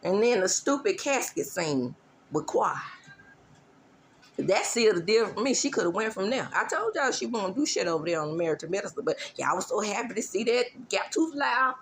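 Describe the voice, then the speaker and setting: There's slight background noise behind this mid-range female voice as she dishes casual celebrity gossip on her show. She drawls sassily, teasing and imitating people as she goes.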